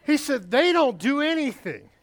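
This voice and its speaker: High-voiced, emphatic male preacher. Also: sing-song, moderate pace, a faint crowd. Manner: preaching, loud and emphatic, with asides to the congregation. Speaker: pastor. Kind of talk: sermon.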